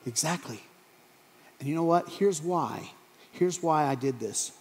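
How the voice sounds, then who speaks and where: A man voicing a gentle male teacher who reassures his followers in a soft, hushed voice in an echoey hall. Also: on the high side, a little slow, close to an everyday voice. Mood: tender.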